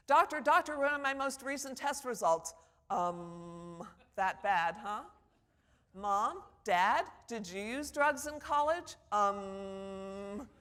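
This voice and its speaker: A woman teaching public speaking at a conference, lecturing and acting out quoted voices as examples. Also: medium pitch. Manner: animated, acts out quoted voices. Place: conference hall. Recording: long hall reverb.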